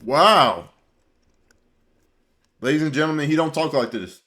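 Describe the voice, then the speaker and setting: A man casually reacting to a clip as host, slangy and animated, talking while eating. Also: on the high side, measured pace.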